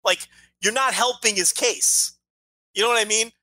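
A man's voice: high-pitched, moderate pace, pushed and bright, dry recording. A man co-hosting a podcast, ranting heatedly and swearing freely in casual chat. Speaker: podcast co-host.

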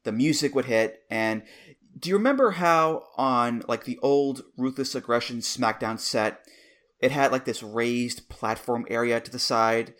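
A man's voice: mid-range voice, unhurried, fairly bright tone. A man in his thirties co-hosting a podcast, chatting casually and enthusiastically, laughing easily as he reminisces. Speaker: podcast co-host. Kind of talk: casual chat.

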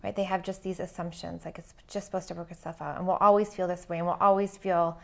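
Woman counselor chatting on a podcast, earnest and thoughtful, lots of "like, you know", gravelly fry. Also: on the low side, level tone, fast, a bit bright. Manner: earnest and reflective, with many "like" and "you know" fillers. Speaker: relationship counselor and podcast co-host. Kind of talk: casual chat.

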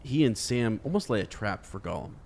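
A man's voice: fairly low pitch, expressive, brisk, gravelly, a little mellow. A man in a casual book discussion who teases, laughs easily and reads passages aloud with many fillers.

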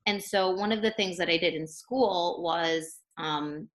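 A young woman chats as a podcast guest in a casual interview, easygoing and unhurried. She's a life coach with a voice a little low for a woman, and her speech is packed with fillers like "like."

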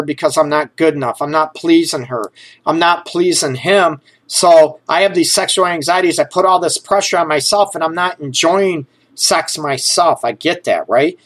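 His voice is a little high and fairly bright. As host of a relationship advice show, he talks to listeners frankly and conversationally, sometimes joking, and keeps checking in with "okay?" and "you know."

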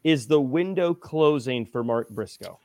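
A man's voice: medium pitch, animated, measured pace, a little mellow, no room sound. Man hosting a wrestling podcast. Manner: leads discussion, recaps matches, asks questions. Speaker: podcast host. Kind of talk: casual wrestling review chat.

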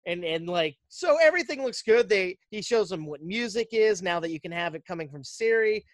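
Animated, dry-miked podcast storyteller. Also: mid-range voice, brisk, no room sound. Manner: animated storyteller, slips into character voices. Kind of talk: casual movie recap.

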